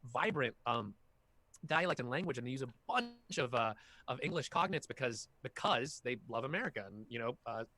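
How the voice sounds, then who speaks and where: At an online workshop, a voice actor guest of half Filipino heritage tells long stories about his work in a casual, animated way. He has a mid-range voice and a moderate pace, and there's no echo.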